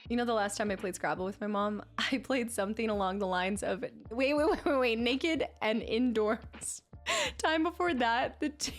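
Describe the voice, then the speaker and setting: A woman's voice: fairly high pitch, moderate pace, faint music behind. Giggly chatty young woman streamer. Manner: giggly, chatty, rambling storyteller. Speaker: streamer reading chat. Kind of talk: casual livestream chat.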